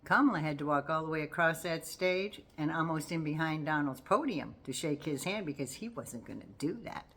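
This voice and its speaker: An older woman with a low voice talks casually about politics. She is folksy and sassy, and she teases as she goes. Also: lively intonation, a little fast, a bit bright, husky. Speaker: political commentary vlogger.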